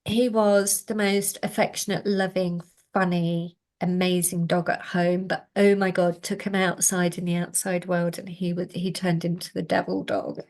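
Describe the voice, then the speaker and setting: A middle-aged woman, a guest on a video call, telling a story in an animated way. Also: fairly low pitch, moderate pace, hardly any pauses. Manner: animated storyteller, acts out quoted voices. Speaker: guest, canine healer. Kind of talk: storytelling interview answer.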